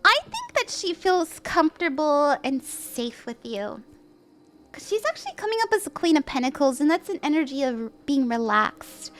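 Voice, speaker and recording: A high-pitched, sing-song woman talks at a moderate pace. She runs a livestream giving casual tarot readings, keeping it upbeat and chatty, laughing a lot and leaning on "like" and "you know".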